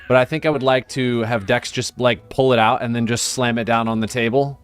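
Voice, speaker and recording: A man's voice: medium pitch, steady tone, brisk, clear, resonant tone, soft background music. Casual player man thinking aloud. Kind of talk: casual tabletop game talk.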